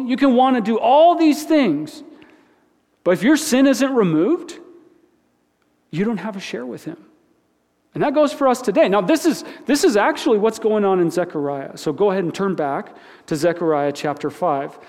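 A man's voice: high-pitched, expressive, moderate pace, a little mellow. A man preaching a conversational sermon in a church, talking informally, repeating words and asking the listeners questions. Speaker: pastor. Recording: long reverb of a large hall.

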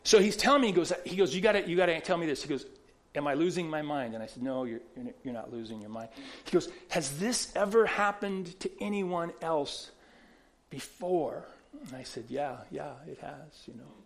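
A man's voice: a little high, expressive, normal speed, gravelly. A man pastor preaching a sermon, telling stories conversationally with many restarts and repeated words.

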